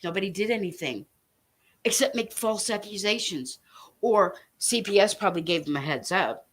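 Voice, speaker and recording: This woman, an online commentator, addresses her audience head-on in an angry, profane tirade, issuing threats and stressing each point hard. She speaks at a normal speed in a mid-range voice with a slightly rough quality.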